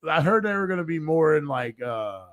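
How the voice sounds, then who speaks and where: A man co-hosting a live show, gruff and blunt in casual, profane banter from a studio. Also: a little high, very animated, moderate pace, crowd noise. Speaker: co-host. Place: radio studio.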